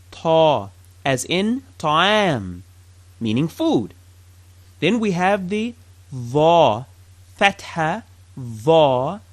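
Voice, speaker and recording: A man gives a slow, patient pronunciation lesson, repeating each sound so learners can copy him. His pitch moves a lot as he models sounds. The recording is dry and close. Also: fairly bright tone, no echo. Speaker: Arabic teacher. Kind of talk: slow language lesson with drills.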